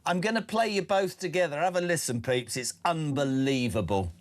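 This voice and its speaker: A man's voice: on the high side, moderate pace. A man hosting a breakfast radio talk show, jokey and teasing. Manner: jokey, teasing, animated delivery. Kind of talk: lively talk radio chat.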